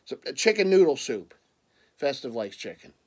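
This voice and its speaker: A man's voice: medium pitch, very animated, moderate pace, husky. A man with a Philadelphia accent, chatting casually on his vlog about his purchases and rambling with lots of stammered restarts and playful teasing. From Philadelphia area. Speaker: vlogger.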